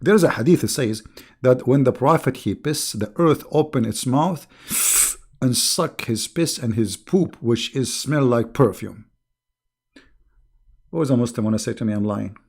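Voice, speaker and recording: Middle-aged guy, sarcastic mocking host, medium pitch. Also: moderate pace, darkish tone, slightly rough. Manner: sarcastic, mocking, chuckling asides. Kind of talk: casual mocking commentary.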